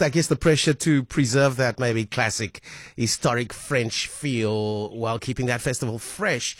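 A male radio host chats through a show segment, talking loosely with many fillers and restarts. His voice sits at an ordinary middle pitch. It is recorded close and dry in a studio. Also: unhurried, no room sound. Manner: chatty, with frequent fillers and restarts. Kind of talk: radio talk show hosting.

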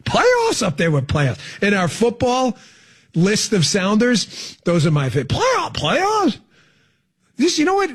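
A man's voice: sits high, wildly swooping pitch, moderate pace, husky. A man hosting political talk radio, sarcastic and emphatic, mocking what he hears. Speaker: radio talk show host.

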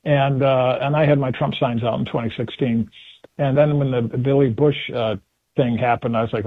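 Male political commentator calling in, husky voice, tinny phone line, animated and chatty. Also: mid-range voice, a little fast, no room sound. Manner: animated, acts out quotes in put-on voices. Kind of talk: casual political talk on radio. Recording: phone-line call-in audio.

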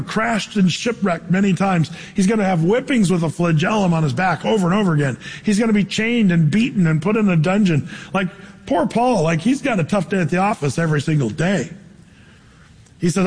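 A man's voice: high-pitched, breathy edge. A man preaching a sermon in a conversational way, asking the crowd questions, with his voice ringing out in a large hall. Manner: conversational preaching, rhetorical questions, shifting loudness. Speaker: pastor. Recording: long hall reverb.

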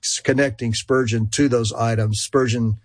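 A man's voice: medium pitch, steady tone, moderate pace, no echo. A man with a country Georgia accent, speaking as a guest expert on a call-in radio talk show, with many fillers and restarts. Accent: rural Georgia. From Georgia, USA.

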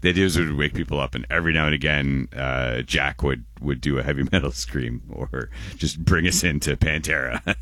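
A man's voice: very deep voice, brisk, sharp tone, no room sound, studio quality. A man in his forties, hosting a radio show in casual, rambling chat and often correcting himself.

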